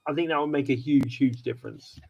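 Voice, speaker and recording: A man's voice: mid-range voice, fairly quick, vocal fry, a little mellow, highs cut off. Man, podcast co-host, rambling casual chat, frequent restarts. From United Kingdom. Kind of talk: casual wrestling review chat.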